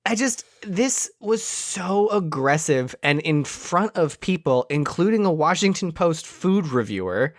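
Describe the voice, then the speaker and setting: A podcast co-host retelling a movie scene in casual chat, animated and laughing often. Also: mid-range voice, a little slow, few pauses, dry recording, clean studio sound. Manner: animated storytelling with frequent laughs.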